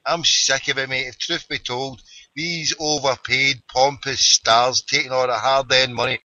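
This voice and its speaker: A man's voice: medium pitch, steady tone, a little slow, pushed and bright, no room sound. A Scottish man hosting a late-night internet radio show, ranting and joking in slangy banter. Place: small cold room at home. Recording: dull lo-fi online radio stream.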